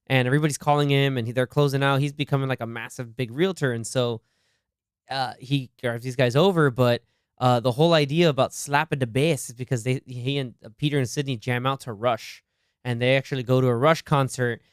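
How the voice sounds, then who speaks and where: A man co-hosting a casual movie podcast, excitable, laughing often and acting out lines from the film. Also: mid-range voice, fairly quick, smooth, dry recording, studio quality. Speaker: podcast co-host. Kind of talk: casual movie discussion chat.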